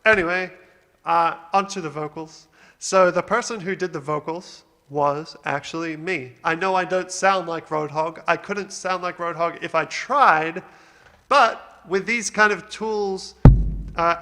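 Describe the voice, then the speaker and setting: A man's voice: fairly high pitch, measured pace, pushed and bright, long reverb tail. A man from Australia hosting a casual music production walkthrough, upbeat and rambling with fillers. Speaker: music producer, channel host.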